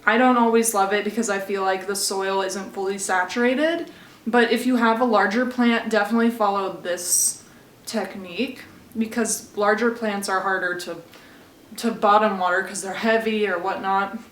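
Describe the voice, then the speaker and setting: A woman talking through a casual how-to demo at home. She is chatty and conversational, tossing asides to the viewer. Her mid-pitched voice rings with a roomy echo. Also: fairly even intonation, normal speed, fairly bright tone. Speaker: plant care vlogger.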